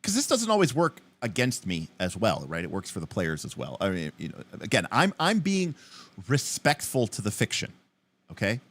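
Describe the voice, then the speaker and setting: Lively, animated man hosting a livestream. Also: lowish voice, normal speed. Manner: animated, rambling, swears casually. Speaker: host. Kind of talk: livestream rules explanation.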